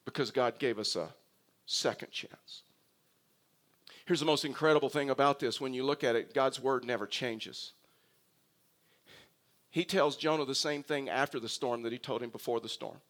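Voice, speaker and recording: A male pastor with a mid-range, slightly bright voice preaches at a moderate pace, telling humorous stories and frequently restarting his sentences.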